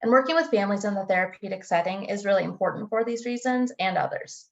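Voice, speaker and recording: A woman's voice: mid-range voice, expressive, creaky. Woman co-presenter on dull, lo-fi audio. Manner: reads a list in a measured way. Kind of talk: recorded webinar presentation.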